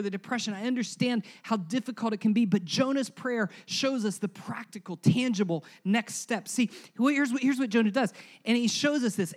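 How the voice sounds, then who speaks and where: A male pastor preaching a sermon to his congregation in church, moving from loud emphasis to hushed, low passages. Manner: animated preaching, swings between loud emphasis and hushed lows; conversational, asks the congregation to repeat words.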